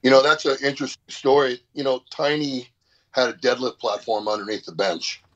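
A man guest in a casual interview, telling an animated, profane story about powerlifting. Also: medium pitch, a little fast. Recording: dull lo-fi sound.

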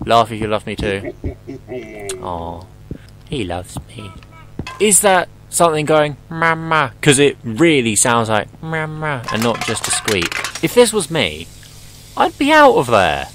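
A man's voice: medium pitch, big pitch swings, a little slow, noisy background. A young man commentating his horror gameplay, rambling and joking, swearing often and talking back to the game.

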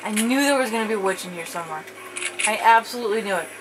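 A woman's voice: medium pitch, racing. A woman commentating a co-op zombie game with a partner, chatty and teasing. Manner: chatty, teasing, bursts into panicked screams. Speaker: gamer playing co-op. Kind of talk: casual let's-play commentary. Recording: loud background noise.

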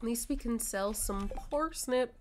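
A woman's voice: on the high side, unhurried, darkish tone, a little hiss or hum. A woman streamer chatting casually with her viewers while she plays a cozy farming game. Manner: chatty, reads and answers chat. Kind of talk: casual gameplay chat.

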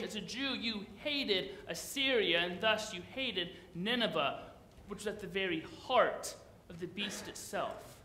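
Bright-voiced male pastor preaching. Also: high voice, roomy sound. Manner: conversational, playful, asks the congregation questions. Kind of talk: sermon.

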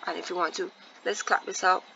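A woman teacher giving a patient phonics lesson to young children, repeating words slowly and asking encouraging questions. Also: lowish voice, little pitch movement, vocal fry, muffled recording, noisy background. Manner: drawn-out, deliberate word repetition with encouraging questions.

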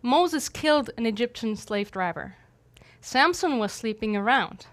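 A woman's voice: a little high, lively intonation, measured pace. A young adult woman, a missionary, giving an earnest, conversational devotional talk with light humor.

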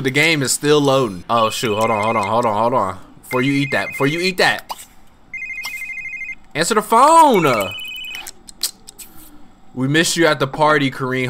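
A young man giving casual, slangy gameplay commentary as host, laid-back but prone to excited outbursts. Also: mid-range voice. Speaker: gaming channel host.

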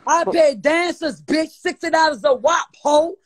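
A little slow and high-voiced, this New Orleans-accented guest launches a heated live-stream rant. It's crude, mocking and defiant, with insults he keeps repeating.

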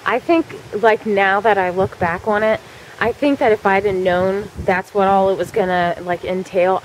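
A woman's voice: medium pitch, a little hiss or hum, low-quality recording. Chatty woman telling a story, full of fillers. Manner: chatty, frequent fillers, swears freely. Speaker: vlogger. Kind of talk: casual storytelling.

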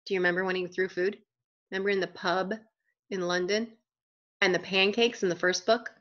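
A woman reading a children's picture book aloud, pausing for playful questions to young listeners. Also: medium pitch, level tone, a bit bright, muffled recording.

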